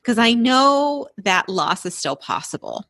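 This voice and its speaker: A woman hosting a podcast, speaking in a measured, reflective way and laughing easily in casual conversation. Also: fairly high pitch, very animated, vocal fry, a bit bright, dry recording. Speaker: podcast host.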